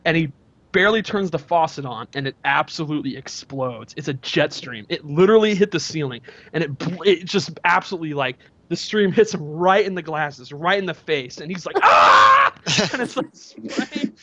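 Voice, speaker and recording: Brief: high, lively male podcast co-host, animated storyteller, dry and slightly dull mic. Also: no room sound. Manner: animated, acts out shouts and quotes. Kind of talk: casual storytelling chat.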